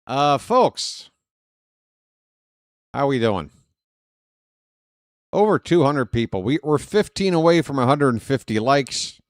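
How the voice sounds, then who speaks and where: A man's voice: mid-range voice, very animated, slow pace, pauses often, no room sound, studio quality. A man calling a live baseball game as a streaming host, in a rambling, jokey, self-deprecating way. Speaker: play-by-play streamer. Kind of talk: live play-by-play commentary.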